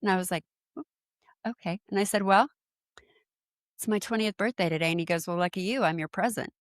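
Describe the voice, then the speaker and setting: A woman in her forties from San Diego tells a personal story in a relaxed podcast chat. Her voice sits in a middle range and sounds close and dry. She acts out quotes with sudden leaps in pitch and talks loosely, with many fillers. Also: fairly quick, no room sound. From San Diego, USA. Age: 40s. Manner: animated, acts out quoted speech with big pitch jumps, lots of fillers. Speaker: podcast guest. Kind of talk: casual storytelling in conversation.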